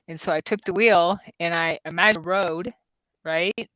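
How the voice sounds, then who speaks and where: A woman's voice: lowish voice, fairly even intonation, moderate pace, fairly bright tone, no room sound, low-quality recording. A woman in her fifties hosting a casual livestream, telling stories with many ums and restarts. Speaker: psychic-medium host.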